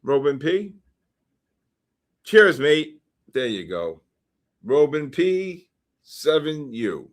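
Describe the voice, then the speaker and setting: A man hosting a livestream, reading out numbers and usernames for a giveaway and getting excited about each winner. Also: a little high, very slow, long pauses. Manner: excitable, shouts when names are drawn. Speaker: livestream host. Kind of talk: live-stream giveaway draw.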